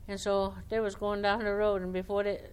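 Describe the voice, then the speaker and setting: Smooth-voiced woman telling folktales. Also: medium pitch, brisk. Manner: homespun, conversational, animated quotes. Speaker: storyteller.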